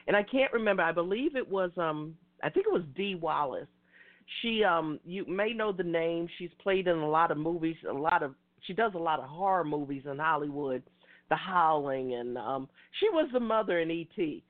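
A woman's voice: sits low, animated, moderate pace. A woman hosting an internet talk radio show, talking in an effusive, passionate, rambling way. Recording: tinny phone-like line.

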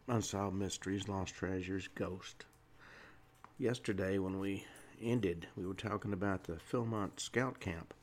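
A man hosting his own radio talk show, rambling through history notes with many pauses and fillers, speaking from a studio. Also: low-pitched, slight background noise. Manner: rambling, with frequent uh fillers and restarts. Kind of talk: solo radio talk monologue.

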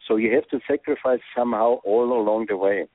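A former soccer coach being interviewed over the phone, speaking earnest English with non-native phrasing. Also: male voice, on the low side, a little fast, dry recording. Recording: tinny phone line.

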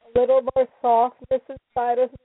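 A woman calling into a coaching session, crying and speaking in halting phrases. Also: fairly high pitch, monotone. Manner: tearful, halting speech. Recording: dry, tinny phone line.

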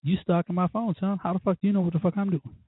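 A man's voice: high-pitched, fairly even intonation, fast, a little hiss or hum. A man hosting a podcast, telling a profane, fired-up story in a casual rant. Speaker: podcast host. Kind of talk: casual ranting monologue. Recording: tinny phone-like, dry.

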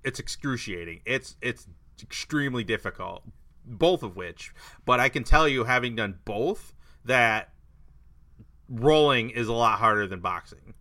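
Male podcast host, very bright tone, leads the chat, casual. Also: mid-range voice, lively intonation, unhurried.

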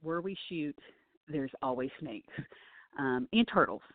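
This film-set snake wrangler and wildlife handler is a woman with a low voice who speaks unhurriedly, without echo. She tells animated, enthusiastic stories in a relaxed interview. The sound is dry and tinny, as if over a phone.

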